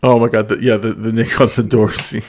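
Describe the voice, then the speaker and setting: A man's voice: lowish voice, level tone, a little fast, a little mellow. A middle-aged man hosting a casual pop culture chat, talking with many restarts and small laughs. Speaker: podcast host.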